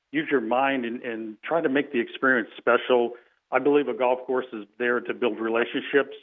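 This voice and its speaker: Boston man on a tinny phone line. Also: medium pitch. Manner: upbeat, chatty, emphatic. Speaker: golf business founder, guest. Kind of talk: casual phone-in chat.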